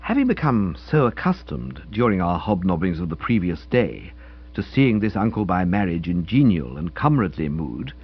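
A male narrator tells a comic tale in a wry, mock-dignified manner, his voice swooping up and down with great animation. The tone is slightly husky, and the recording sounds dull and lo-fi. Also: deep voice, big pitch swings, normal speed. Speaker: audiobook narrator.

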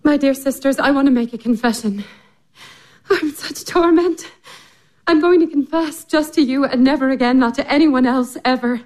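A woman's voice: high-pitched, moderate pace, darkish tone, natural voice. An actress playing a passionate, impulsive young woman with an urgent, emotional delivery. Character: passionate, reckless sister confessing forbidden love. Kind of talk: stage drama acting.

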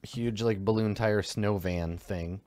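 A man narrating a tabletop game as game master, meandering with many ums and likes and trailing off softly. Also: on the low side, slow pace.

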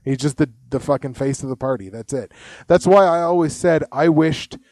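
A man riffs loosely as a podcast host, his voice sitting a little high for a man. He swears freely, rambles from point to point and laughs at his own jokes, and the sound is close and dry. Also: normal speed, darkish tone, no room sound. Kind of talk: casual profane podcast chat.

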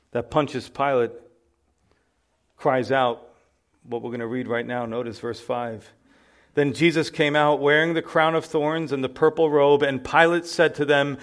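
A male pastor preaching a sermon, building to loud emphatic exclamations. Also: medium pitch.

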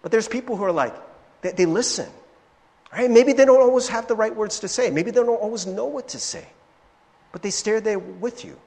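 A man preaching a sermon as pastor, conversational and animated, with frequent "right?" asides and restarts, in a church sanctuary. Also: sits high, fairly quick, gravelly. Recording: long hall reverb from a church sanctuary.

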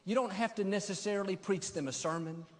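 A man's voice: high-pitched, fairly quick. Preaching man in a reverberant hall. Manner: emphatic preaching cadence. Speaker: pastor. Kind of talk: sermon.

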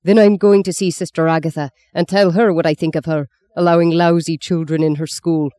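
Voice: medium pitch, lively intonation, slow pace, dark tone. A reader voicing a raging farm father. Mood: furious. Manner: furious, swearing, explosive. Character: hot-tempered father of a large farm family.

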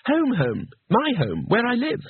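A man's voice: medium pitch, sing-song, brisk, no room sound, exaggerated voice. A man reading an audiobook, voicing a naive, cheerful male tourist who talks in an earnest, sheepish way. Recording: husky, dry, phone-like narrow sound.

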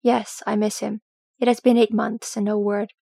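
A woman's voice: medium pitch, little pitch movement, normal speed, vocal fry, dark tone, slightly rough, no echo, studio quality. A woman voicing a proud, grieving dwarf noblewoman with a tight, restrained manner in a storybook reading.

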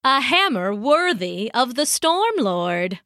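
A woman voicing a sly, flattering male trickster god in a storybook reading. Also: a little high, slow pace, no echo, clean studio sound, heavily acted.

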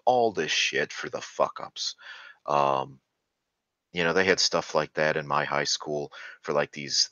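A man's voice: very deep voice, pushed and bright, no room sound. A man ranting sarcastically and crudely, stumbling over fillers and restarts. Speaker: channel host. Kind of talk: ranting monologue. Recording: dull lo-fi recording.

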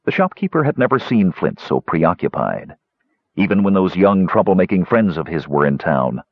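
A man reading a fantasy novel aloud as the narrator, in measured storytelling. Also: low-pitched, big pitch swings, no echo. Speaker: audiobook narrator. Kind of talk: scripted narration. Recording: dull, dry close recording.

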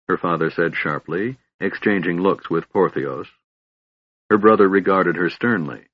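Deep, husky male fantasy narrator. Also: a little slow, dry recording. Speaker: audiobook narrator. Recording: dull, lo-fi dry audiobook recording.

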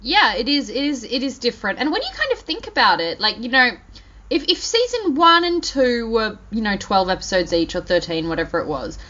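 A woman co-hosting a casual chat, talking in an animated way with many fillers and restarts. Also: a little high, brisk. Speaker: podcast co-host. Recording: dull lo-fi audio.

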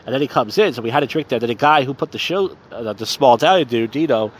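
A fast-talking man with a mid-range voice hosts a live-streamed podcast outdoors on a nighttime city street. He's drunk, crude and self-deprecating as his casual monologue meanders.

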